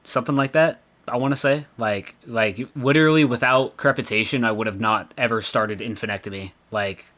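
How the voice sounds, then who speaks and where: A man hosting a casual podcast chat, voice sitting at an ordinary middle pitch. He rambles and swears freely, leaning on filler words between thoughts. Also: brisk, few pauses, a bit bright. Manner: rambling, profane, lots of "like" fillers. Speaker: guest host of a podcast episode.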